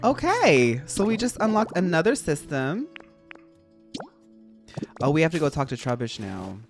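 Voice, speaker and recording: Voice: medium pitch, big pitch swings, measured pace, soft background music. A streamer with an American accent chatting casually and giggling through a game livestream, with lots of filler words.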